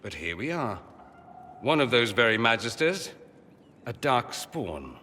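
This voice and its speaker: A man's voice: mid-range voice, very animated, sharp tone, big-room sound, a little hiss or hum. An actor playing a witty, sardonic male mage in a video game, teasing and dramatic in tone. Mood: wry. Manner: quick-witted, teasing, dramatic swings in tone.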